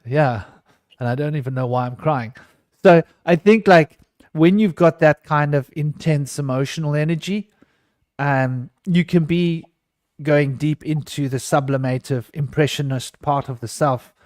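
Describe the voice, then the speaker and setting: A man sharing his thoughts in a casual round table, his voice sitting somewhat high. He rambles, circles back and restarts his sentences as he goes. The sound is dry and close, with no room around it. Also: a little slow, darkish tone, no room sound. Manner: rambling and emotional, many restarts. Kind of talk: casual group discussion.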